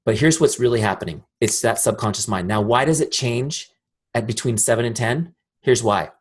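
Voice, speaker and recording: A husky-voiced man teaches a sales training in a direct, energetic way. He often turns to the audience with questions. His voice sits at an ordinary middle pitch. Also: normal speed. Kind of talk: live training talk.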